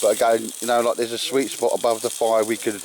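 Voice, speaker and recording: A man's voice: mid-range voice, little pitch movement, fast, darkish tone. A man hosting a bushcraft vlog in the woods, chatting casually and encouraging others, calling everyone mate and sir. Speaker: bushcraft vlogger and host. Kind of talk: casual outdoor chat. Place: in the woods outdoors. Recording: outdoor recording with background noise.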